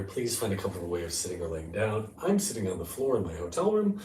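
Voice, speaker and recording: Deep-voiced man guiding a meditation. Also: very animated, roomy sound, recorded from a distance. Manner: gentle, unhurried spiritual talk. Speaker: life coach and meditation host. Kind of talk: live-streamed guided meditation talk. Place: hotel room.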